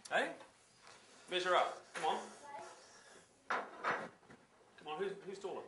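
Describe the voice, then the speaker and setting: An actor with a New Zealand accent playing a blunt, swearing would-be politician who quickly gets indignant. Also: male voice, high voice, very noisy. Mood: defensive. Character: brash, blustering male would-be politician. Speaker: election candidate. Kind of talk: mockumentary acting.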